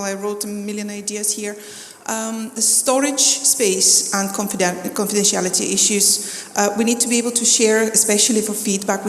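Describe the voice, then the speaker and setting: A woman's voice: mid-range voice, a little hiss or hum. Hesitant woman questioning from an echoey hall. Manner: hesitant with fillers, then speeds up. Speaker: audience member asking a question. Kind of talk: question from the floor. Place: large conference hall. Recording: distant, echoey hall with faint ambience.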